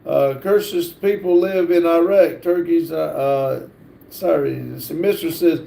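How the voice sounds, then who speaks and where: A man hosting a livestream, reading viewer comments aloud in a halting, stumbling way with lots of fillers. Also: on the high side, vocal fry, warm tone, reverberant. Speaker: livestream host reading chat. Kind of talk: casual live chat, reading comments aloud.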